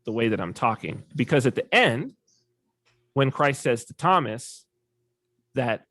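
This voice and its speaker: A man talking as a podcast guest in casual conversation, an animated storyteller who acts out quoted voices. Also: mid-range voice, unhurried, long pauses, no room sound, studio quality.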